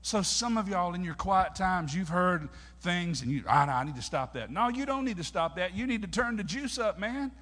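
A man's voice: high voice, normal speed, few pauses. A man preaching a sermon in a church, telling folksy stories and working up the congregation. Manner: folksy storytelling, preachy and animated. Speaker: pastor. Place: church sanctuary. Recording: long hall reverb.

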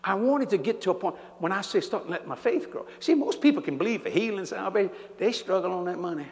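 A man's voice: high voice, lively intonation, quick pace, darkish tone. An older man preaching a sermon, telling stories animatedly and laughing along as he goes. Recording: church hall reverb.

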